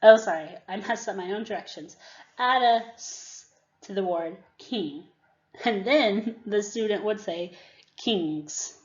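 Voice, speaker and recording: A woman giving a teacher-training presentation on reading skills, acting out classroom prompts as she explains them. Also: medium pitch. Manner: demonstrates classroom prompts, slow and deliberate. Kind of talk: instructional presentation. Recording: dull, roomy recording.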